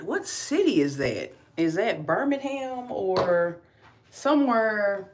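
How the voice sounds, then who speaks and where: A woman's voice: lowish voice, expressive, takes it slowly, a little mellow, slight background noise. A middle-aged woman from Kentucky with a slight Southern drawl, chatting casually through a hair-care livestream. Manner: chatty, talks viewers through each step. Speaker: beauty vlogger.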